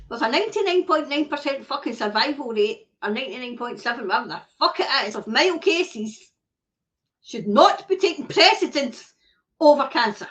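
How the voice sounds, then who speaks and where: A Scottish woman hosts a livestream in a high, animated, slightly bright voice at normal speed, ranting angrily, swearing a lot, and reading viewer comments aloud. It's a casual rant captured in dull lo-fi stream audio.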